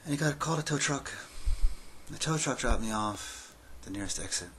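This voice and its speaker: Storyteller, male, 50s, sharp bright tone, dramatic delivery that swings from hushed to loud. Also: mid-range voice, animated, brisk, a little hiss or hum. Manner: dramatic, swings from hushed near-whisper to yelling. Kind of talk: spoken-word storytelling.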